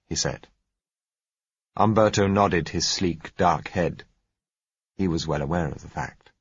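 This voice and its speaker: A man narrating a story in a measured audiobook reading. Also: sits low, husky, dry recording, muffled recording.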